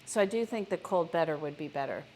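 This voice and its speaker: Speaking fast and animatedly in a lowish, slightly mellow voice, a woman runs a live cooking stream from her home kitchen amid slight background noise. She keeps up casual chatter with viewers and teases herself along the way.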